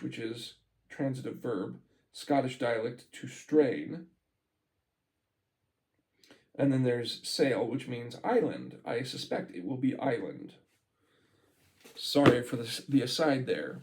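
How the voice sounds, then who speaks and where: Guy reading a book out loud, casual, gravelly, keeps stopping to chat. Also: mid-range voice, rough recording. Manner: reads aloud, breaks off to comment and laugh. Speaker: amateur reader of a book. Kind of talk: casual read-aloud with asides.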